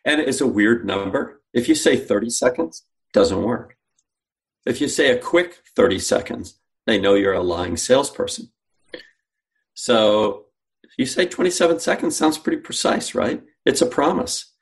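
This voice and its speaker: Speaking at a measured pace, the man keeps his voice at medium pitch and makes it expressive. He's the guest on an interview, a sales company founder recounting a story and voicing the quoted dialogue himself.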